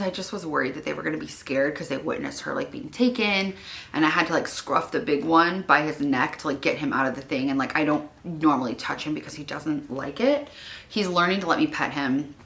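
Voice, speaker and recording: A young woman chats to her camera at home in a loose, rambling way, full of "like" fillers. Her voice sits low yet sounds bright and forward. She gets emotional easily. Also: a little fast, vocal fry. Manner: chatty, rambling, many "like" fillers; emotional, wavering at times. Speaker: vlogger. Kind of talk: casual vlog chat.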